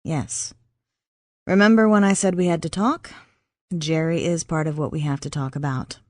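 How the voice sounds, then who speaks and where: A woman voicing a gentle young man who soothes and calms in a low, soft voice. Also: moderate pace, no room sound, clean studio sound, lightly acted. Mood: soothing.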